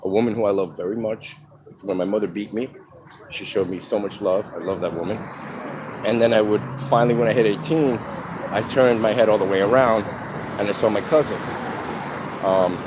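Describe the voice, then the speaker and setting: A man with a somewhat low voice talks openly about his own past, pausing often and filling gaps with ums. He is recorded outside, and passing vehicles are clearly heard behind his voice. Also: steady tone. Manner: halting, frank, many pauses and ums. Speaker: man telling his life story. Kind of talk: candid personal monologue. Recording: outdoor traffic noise behind.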